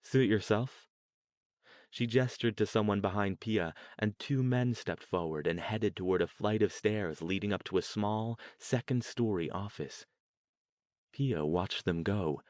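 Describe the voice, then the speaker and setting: A man narrating a novel in a measured, steady storytelling way. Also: on the low side, no room sound. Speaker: audiobook narrator. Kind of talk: scripted narration.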